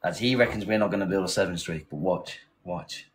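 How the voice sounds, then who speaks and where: A man's voice: deep voice, brisk, a little hiss or hum, poor audio. A man from England hosting a casual live stream, chatting, thanking viewers and rallying his team. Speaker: livestream host. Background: loud music.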